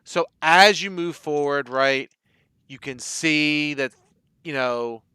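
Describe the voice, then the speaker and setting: A man's voice: on the high side, slow pace, pushed and bright, clean tone, dry recording. A man narrating as game master of a tabletop game, rambling with many fillers. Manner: rambling, many fillers like "you know" and "right".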